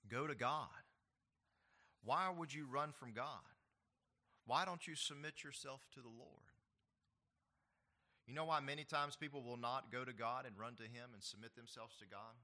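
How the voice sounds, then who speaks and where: A man preaching a sermon as pastor, swinging between loud, raised passages and quiet, hushed ones, and acting out the voices he quotes. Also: medium pitch, moderate pace, long pauses.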